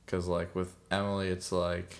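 A man's voice: deep voice, monotone, normal speed. A young man chatting casually as a podcast co-host, rambling with lots of fillers and frequent laughs. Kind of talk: casual chat.

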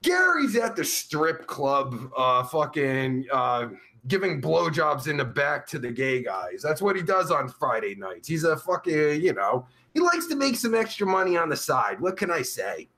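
A man's voice: fairly high pitch, sing-song, measured pace, pushed and bright, full character voice. A man playing a crude, vulgar livestream host who rambles profanely while reading out chat. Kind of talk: live chat comedy stream.

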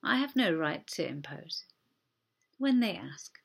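A woman preacher giving a sermon in an earnest, gentle way, often dropping to a soft near-whisper for emphasis. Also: fairly low pitch, big pitch swings, measured pace, creaky, slightly rough.

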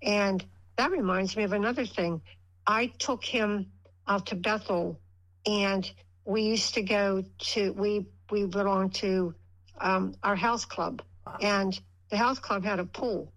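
A woman's voice: medium pitch, steady tone, slow, a bit bright, low-quality recording. An older woman, a guest on a radio show, rambling through a personal story and acting out what people said. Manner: rambling, acts out quoted dialogue in her story. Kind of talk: casual storytelling.

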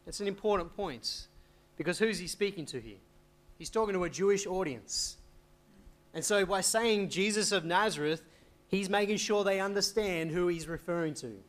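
A man's voice: high voice, normal speed, a bit bright. A man preaching an expository sermon, reading scripture aloud and asking questions he then answers. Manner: explains, asks rhetorical questions and answers them; reads scripture aloud in old wording. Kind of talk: expository Bible teaching.

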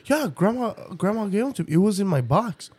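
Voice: very animated, fairly quick, a little mellow, husky. A man putting on the voice of a whiny young man who pleads and begs for a pair of shoes. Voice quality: high and pleading.

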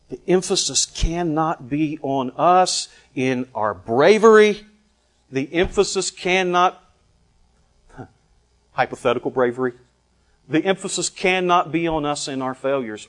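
A man's voice: fairly high pitch, lively intonation, measured pace. Emphatic, earnest male preacher. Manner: swings between loud emphatic lines and quiet earnest ones; acts out quoted voices with mock dialogue. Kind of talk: sermon.

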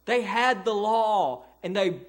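A man with a fairly high voice preaches a sermon from a church pulpit. He explains scripture in earnest, often stopping to restart or repeat a word before pressing on. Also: lively intonation, takes it slowly. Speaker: pastor. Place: church sanctuary.

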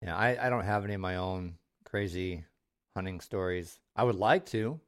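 A man's voice: low-pitched, normal speed. A man from Texas co-hosting a podcast in casual chat, joking, swearing easily and laughing often. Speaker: podcast co-host.

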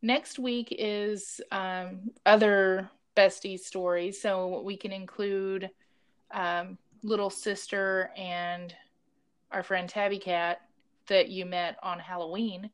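A woman's voice: medium pitch, level tone, takes it slowly, clear, resonant tone. A woman co-hosting a casual chat podcast, blunt and joking, swearing offhandedly. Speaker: podcast co-host.

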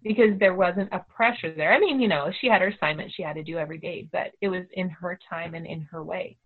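A middle-aged homeschooling mother telling a story in a casual, animated way, acting out the voices of the people she quotes. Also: fairly low pitch, fast. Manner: animated, acts out quoted dialogue. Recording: tinny phone-like audio.

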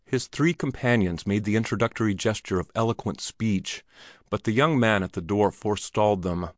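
Low-voiced male storyteller. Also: no room sound, clean studio sound. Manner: measured and descriptive. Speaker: narrator. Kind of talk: audiobook narration.

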